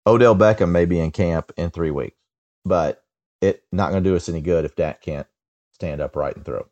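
A man co-hosting a casual sports podcast, opinionated and halting, often repeating his words as he starts a thought. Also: low voice, a little mellow, muffled recording. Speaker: podcast co-host.

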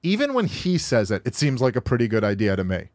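A man's voice: huge pitch swings, fast, darkish tone, dry recording, clean studio sound. A male podcast host reacting to a video clip, arguing back with exasperation that pushes his voice sharply upward as he rebuts. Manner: exasperated, rising sharply in pitch when rebutting. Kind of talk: argumentative commentary on a played clip. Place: podcast studio.

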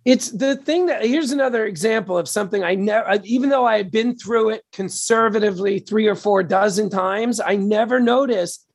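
A man speaks as an interview guest, with a husky, slightly breathy voice. He explains his ideas thoughtfully and stumbles over a few words as he goes. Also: high voice, fairly quick, hardly any pauses. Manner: thoughtful, explanatory, some stammering. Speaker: guest producer. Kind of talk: casual interview chat.

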